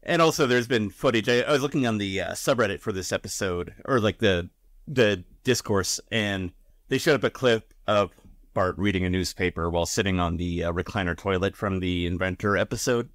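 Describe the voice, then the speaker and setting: A man's voice: sits low, a little fast, fairly bright tone, dry recording. A man co-hosting a podcast in casual chat, hesitant with restarts and a dry, joking tone. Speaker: podcast co-host.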